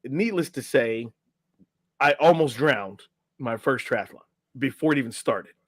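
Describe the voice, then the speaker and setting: A man's voice: mid-range voice, animated, a little slow, no room sound, clean studio sound. A middle-aged man, a podcast guest and life coach, telling a story casually and acting out the quotes, often tagging lines with "right?".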